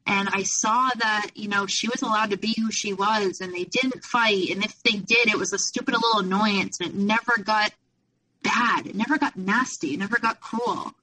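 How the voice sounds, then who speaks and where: A woman's voice: medium pitch, moderate pace, pushed and bright, recorded from a distance, poor audio. A young adult woman, a podcast guest, telling a personal story in a rambling way full of fillers and restarts. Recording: voice a little off-mic.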